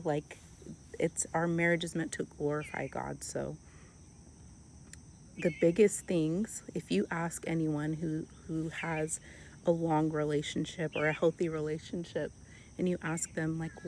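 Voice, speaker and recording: Young woman, low-ish voice, casual faith vlog, earnest and soft, crickets faintly in the background. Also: slight background noise. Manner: earnest, softly spoken, with many "like" fillers and restarts. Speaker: Christian vlogger. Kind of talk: casual devotional talk to camera.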